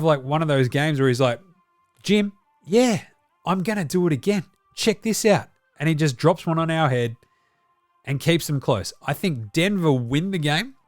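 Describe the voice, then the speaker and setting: A man's voice: medium pitch, dry recording. A man with an Australian accent hosting a sports podcast in a chatty, slangy, upbeat way. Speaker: podcast host. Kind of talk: casual sports podcast talk.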